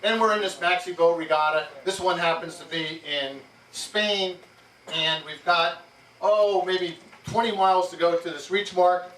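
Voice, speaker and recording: Man telling lively stories to a room. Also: sits high, unhurried. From New Jersey. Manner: lively, jokey anecdotes with frequent laughs. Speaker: keynote speaker. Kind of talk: storytelling speech to an audience. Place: yacht club event room. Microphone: far amateur camera. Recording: roomy, distant, noisy amateur tape.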